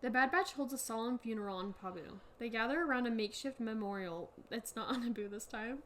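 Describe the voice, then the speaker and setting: A woman's voice: fairly high pitch, fairly bright tone. Giggly young woman podcaster. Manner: giggly, reads in halting bursts with frequent laughs. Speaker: podcast co-host. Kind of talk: casual podcast chat, reading an AI story aloud.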